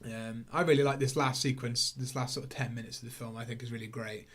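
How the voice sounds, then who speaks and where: A man's voice: medium pitch, steady tone, quick pace, fairly bright tone. A man co-hosting a podcast, chatting casually and rambling about a film with lots of fillers. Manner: rambling, many fillers, acts out quotes in silly voices. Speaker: podcast co-host. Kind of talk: casual film review chat.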